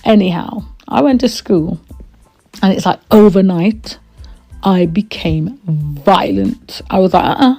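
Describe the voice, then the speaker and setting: A woman's voice: on the low side, animated, slow pace, mellow, faint music behind. A woman from Trinidad, hosting a podcast and telling her own story in a candid, emphatic way. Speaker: podcast host and reverend.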